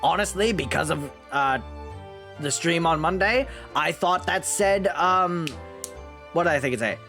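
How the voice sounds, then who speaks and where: A man streaming a game playthrough, chatting casually with excitable, rambling asides and frequent swearing. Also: fairly high pitch, unhurried, soft background music. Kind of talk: casual let's-play commentary.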